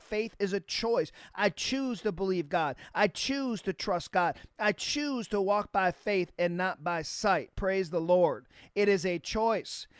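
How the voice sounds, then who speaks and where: A pastor preaching a sermon, emphatic, repeating key phrases and spelling words out letter by letter, with slow stressed lines between quick runs. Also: medium pitch, dry recording, clean studio sound.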